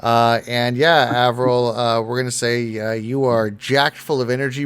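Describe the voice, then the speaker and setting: Man, dungeon master, rambling, lots of fillers, laughs a lot, mid-pitched. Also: little pitch movement, moderate pace, hardly any pauses, a bit bright, clear, resonant tone. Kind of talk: narrating a tabletop game, casual.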